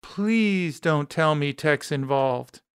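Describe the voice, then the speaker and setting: A man's voice: fairly high pitch, expressive, slow pace, clear, resonant tone, dry recording, studio quality. A man voicing a ranting woman boss. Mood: furious. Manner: ranting, sharp-tongued. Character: angry demanding woman insurance boss.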